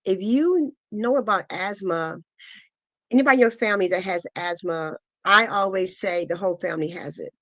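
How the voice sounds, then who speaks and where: A middle-aged woman giving a guest interview, telling a painful personal story in an earnest, halting way full of pauses and fillers. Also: medium pitch, fairly bright tone, no echo. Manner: earnest, intense retelling. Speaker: guest, asthma foundation founder. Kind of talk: emotional personal testimony.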